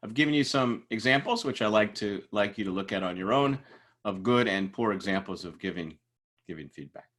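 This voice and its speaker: A middle-aged instructor whose voice sits on the low side talks a little fast while teaching a class casually. He shares workplace stories in an animated way, performing the voices of the people he quotes.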